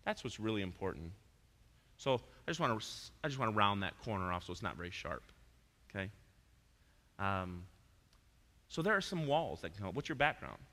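A man preaching a sermon as pastor, swinging between loud emphatic points and soft asides. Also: fairly low pitch, sing-song, normal speed, pauses often. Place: church sanctuary. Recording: long reverb of a church hall.

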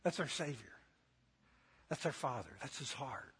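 Husky man preaching, lively and slow. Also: mid-range voice. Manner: keeps asking the congregation questions; lively storytelling with laughs. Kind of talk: sermon. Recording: long hall reverb.

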